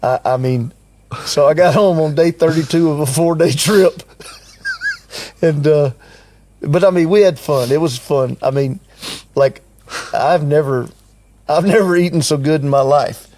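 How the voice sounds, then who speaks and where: A man's voice: fairly high pitch, unhurried, pauses often, a little hiss or hum. An older man in casual chat, animatedly recounting a story and acting out what people said. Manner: animated storyteller, acts out quotes. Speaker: guest recounting a business story.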